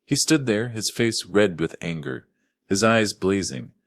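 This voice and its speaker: An older man narrating a scripted first-person story in a measured, grave manner. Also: fairly low pitch, lively intonation, a bit bright, no echo, studio quality.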